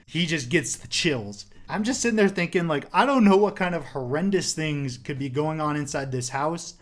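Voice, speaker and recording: A man's voice: on the high side, animated, normal speed. Rambling young man telling a story. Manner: rambling, filler-heavy, swears. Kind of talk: casual storytelling.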